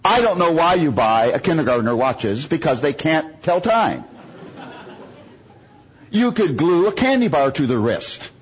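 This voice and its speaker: A man's voice: on the high side, very animated, measured pace, lo-fi sound, a faint crowd. A man from the United States preaching a sermon, telling humorous stories and making self-mocking jokes.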